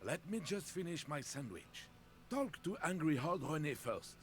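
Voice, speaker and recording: A laid-back older man soothes his grumpy friend with a lively, swinging lilt. His voice rides a little high for a man, calm and philosophical in a video game. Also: normal speed, slight background noise. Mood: placating. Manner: mellow, placating.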